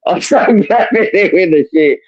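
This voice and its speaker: A man in his fifties from the UK with a Birmingham accent, calling into a live stream and talking fast and animated, swearing freely and repeating "listen, bro". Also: high-pitched, breathy edge, dull audio. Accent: Birmingham English. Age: 50s. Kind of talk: casual chat.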